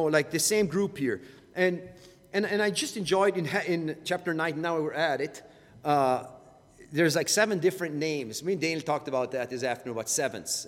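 Guy teaching the bible, kinda high voice, repeats words a lot, reverby hall. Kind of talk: informal Bible study teaching.

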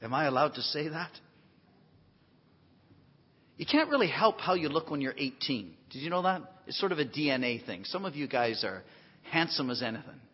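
A man preaching a sermon, swinging from quiet folksy asides to emphatic near-shouts, with self-deprecating humor. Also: on the high side, big pitch swings, moderate pace, long pauses, slightly rough. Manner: emphatic, rising to near shouts on key phrases. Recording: dull lo-fi recording in a long-reverb hall.

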